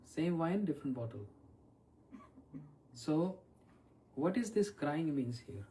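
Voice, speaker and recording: A man's voice: a little high, lively intonation, takes it slowly, warm tone. A man, a spiritual teacher giving an evening question-and-answer talk and often asking his listeners questions. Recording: voice from far off the mic.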